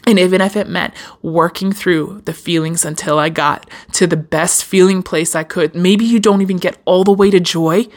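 A woman hosting a casual self-help podcast, speaking straight to her listeners with lively swings in pitch and the odd swear word. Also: moderate pace, few pauses. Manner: animated, swearing, addresses listeners directly. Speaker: podcast host. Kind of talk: motivational self-help talk.

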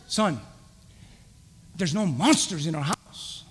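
A young adult man preaching a sermon, quizzing the congregation with fill-in-the-blank questions and rising to shouts. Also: high-pitched, very animated, normal speed, big-room sound. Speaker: pastor.

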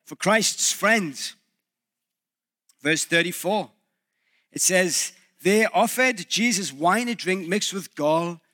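A male pastor preaching a reflective sermon, pausing and restarting as he thinks aloud. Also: high voice, bright, forceful tone.

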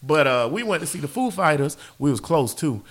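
A man hosting a podcast in casual chat, animated and profane. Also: on the high side, a little fast. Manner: animated, profane, laughs often. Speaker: podcast host.

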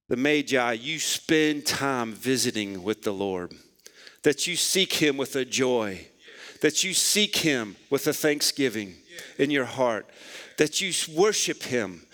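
A man in his forties preaching a sermon as pastor, swinging from low, quiet phrases up to near-shouts. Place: church sanctuary. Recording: long hall reverb.

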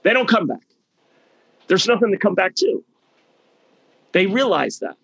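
Man, gravelly fry, breathy rasp, impassioned storytelling, repeats phrases. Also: high-pitched, a little slow, no room sound, highs cut off. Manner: animated, repeats phrases for emphasis. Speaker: podcast guest.

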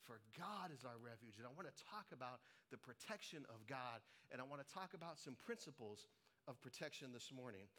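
A man's voice: medium pitch, brisk. A middle-aged man from Colorado preaching a sermon, telling stories with humor and acted-out voices. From Colorado, United States. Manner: animated storytelling with humor and voices. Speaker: pastor.

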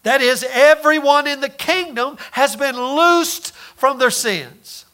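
A man preaching a sermon in a folksy way, full of rhetorical questions and repeated words, rising loud and dropping soft. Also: extremely high pitch, slow pace.

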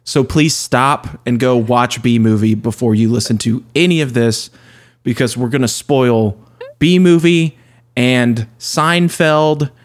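A man's voice: medium pitch, measured pace. A man hosting a casual movie podcast with playful, self-mocking banter. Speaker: podcast host.

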